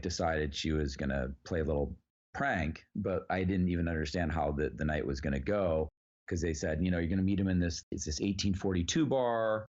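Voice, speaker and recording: A man telling a long anecdote in a relaxed, casual way, rambling with many fillers and the odd swear word. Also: sits low. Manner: rambling, lots of "like" and "you know", swears freely. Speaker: actor guest. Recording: dull lo-fi sound.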